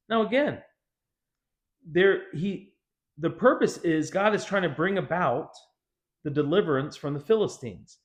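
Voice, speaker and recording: A man's voice: fairly high pitch, normal speed. A man pastor teaching a casual Bible study, conversational with joking, sarcastic asides.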